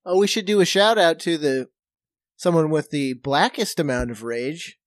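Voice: medium pitch, expressive, moderate pace, no room sound, clean studio sound. A podcast co-host in casual chat, telling a story from work in a chatty way.

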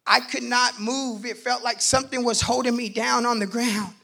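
High bright gravelly-voiced man testifying. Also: normal speed. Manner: animated, acts out quotes, bursts loud. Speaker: testimony speaker. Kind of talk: personal faith testimony storytelling.

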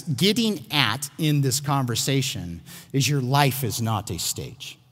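Male pastor, mid-pitched, earnest sermon delivery, long hall reverb. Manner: earnest, emphatic, with repeated restarts. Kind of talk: sermon teaching.

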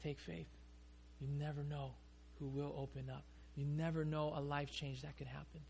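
Gravelly-voiced pastor telling a story. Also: male voice, fairly high pitch, moderate pace, slight background noise. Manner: animated, with frequent restarts. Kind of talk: sermon storytelling.

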